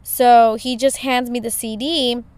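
Chatty woman podcaster, smooth higher voice. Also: little pitch movement, a little slow, a little mellow, no room sound. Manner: chatty, leans on "you know" fillers. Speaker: podcast host. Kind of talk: casual storytelling monologue.

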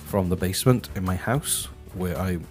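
Deep, deadpan rambling man. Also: normal speed, soft background music. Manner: deadpan, rambling, many ums. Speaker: host. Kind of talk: deadpan comedic review. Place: his house, walking to the kitchen.

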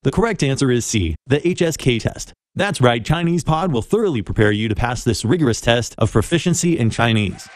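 A man's voice: mid-range voice, expressive, a little fast, few pauses. Man reading an upbeat quiz promo. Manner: playful quiz-show patter. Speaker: promo announcer.

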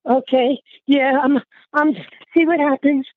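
Calling the listener honey, an aunt in a casual phone interview talks affectionately despite being short of breath. Her voice is high, steady in tone and unhurried, coming through a tinny, dry line.

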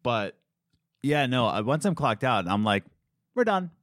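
A young man co-hosting a podcast, telling animated stories in casual chat and acting out the people he quotes. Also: mid-range voice, unhurried, a little hiss or hum. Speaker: podcast co-host.

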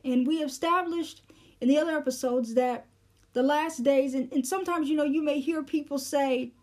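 A woman's voice: high-pitched, moderate pace. A woman teaching a Bible lesson verse by verse, explaining Greek words with frequent fillers and restarts.

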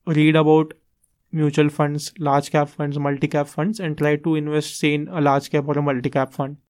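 A man's voice: on the high side, little pitch movement, normal speed, a little mellow. A man with an Indian English accent, casually explaining investing on a podcast and slipping Hindi phrases into his English. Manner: earnest, explains with examples, mixes in Hindi phrases.

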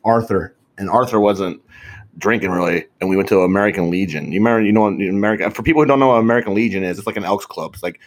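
A man's voice: lowish voice, quick pace. Laid-back profane man, rambling. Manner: rambling, profane, laughs a lot. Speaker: podcast co-host. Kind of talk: casual chat.

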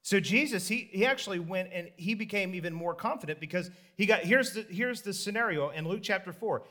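Preacher guy, high voice, telling stories animated, does little voices for folks. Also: a little fast. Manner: animated storytelling, acts out the people in the story in higher voices, laughs. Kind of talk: sermon with storytelling.

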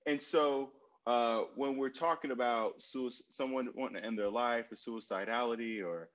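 A man in his forties answers at length in a casual conversation, drifting into personal stories and repeating his key phrases. He fills pauses with "um" and "you know". The recording sounds slightly muffled and lo-fi. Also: medium pitch. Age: 40s. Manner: storytelling, repeats phrases, many fillers. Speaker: guest speaker on mental health.

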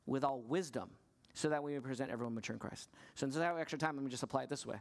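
A male pastor preaches to his congregation, posing questions to them as his voice drops low and soft, then rises high and pressing. He speaks in rapid-fire bursts with vocal fry.

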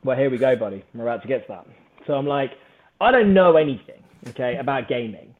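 A British man telling a story on a podcast in an energetic, animated way, swearing freely. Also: mid-range voice, fast, phone-quality sound. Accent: British English. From Britain. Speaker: podcast guest, startup founder. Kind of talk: casual storytelling chat.

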